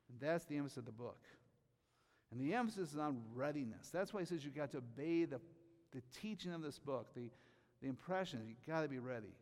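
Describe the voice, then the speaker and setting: A man's voice: medium pitch, lively intonation. Emphatic preacher man, reverberant hall. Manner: emphatic, rises to loud bursts on key phrases; reads scripture aloud slowly. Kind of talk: sermon.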